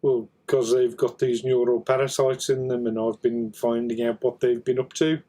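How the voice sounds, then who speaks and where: A man's voice: medium pitch, flat delivery, moderate pace, mellow, voice pushed down, natural voice. A man voicing a shifty expelled ex-cadet with a Black Country accent, offhand and evasive. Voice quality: broad regional drawl. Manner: offhand, self-excusing.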